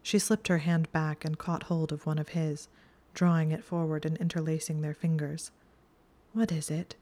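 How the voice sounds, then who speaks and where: Low-voiced woman narrating a story. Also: flat delivery, moderate pace, mellow. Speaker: reader. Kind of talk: fan fiction audiobook narration.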